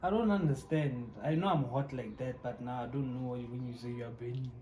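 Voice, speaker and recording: A man's voice: mid-range voice, brisk, dark tone, slight background noise. A South African man co-hosting a couple's vlog, teasing his partner and laughing often in playful casual chat. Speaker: co-host of a couple channel.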